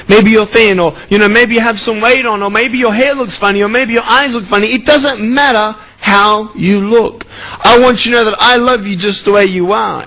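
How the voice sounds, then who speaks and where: A man giving a motivational speech to a school audience, playful and energetic, asking the crowd questions. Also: extremely high pitch, low-quality recording. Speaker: motivational speaker.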